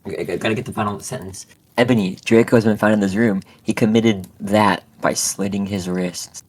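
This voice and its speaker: Reading a fanfic aloud to a friend over a voice call, this co-host keeps stumbling and dissolving into giggles and laughing breaks. He speaks at a moderate pace in a fairly low voice with fairly even intonation.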